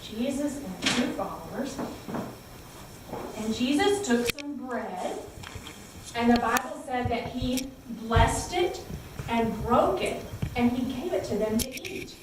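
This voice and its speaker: A woman teaching children a Bible story, animated and exclaiming, coaxing the children to repeat lines after her. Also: on the high side, takes it slowly, noisy background. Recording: echoey room, heard from far off.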